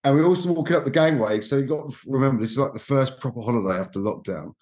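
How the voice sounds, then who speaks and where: A man, a podcast guest telling cruise stories in an animated, emotional way and acting out quotes. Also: mid-range voice, racing. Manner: animated, emotional storyteller who acts out quotes. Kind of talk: casual storytelling chat. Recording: roomy echo.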